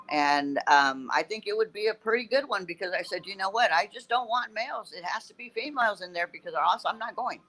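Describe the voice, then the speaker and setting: Woman guest on a video call, bright forceful tone, halting with lots of fillers. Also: fairly low pitch, low-quality recording. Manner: halting, fills every pause with "you know". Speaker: podcast guest. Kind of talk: casual podcast chat.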